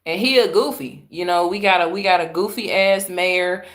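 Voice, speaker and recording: A woman's voice: fairly low pitch, normal speed, fairly bright tone. Fields Sex: woman. Origin: Chicago. Role: live-stream commentator. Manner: blunt and exasperated. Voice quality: blunt, exasperated, swears freely.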